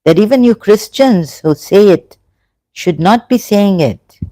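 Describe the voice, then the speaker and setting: Host from England in a casual live chat, unhurried and hesitant, dry close sound. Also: mid-range voice, expressive, dark tone, no echo. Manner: halting, thinking aloud.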